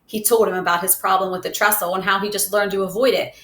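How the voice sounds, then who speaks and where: A woman reading a novel aloud in a steady storybook narration. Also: mid-range voice, quick pace. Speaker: reader. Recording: roomy echo.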